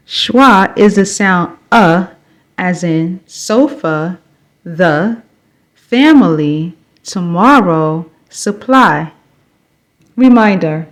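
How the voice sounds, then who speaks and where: A woman teaching phonics, reading sounds and example words one at a time with long pauses between them. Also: fairly low pitch. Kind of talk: slow, paced phonics instruction.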